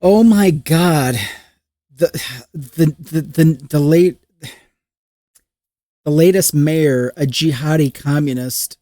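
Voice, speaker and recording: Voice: medium pitch, slow pace, pauses often, mellow, no room sound. Profane, exasperated podcast host, dry sound. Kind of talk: casual political chat.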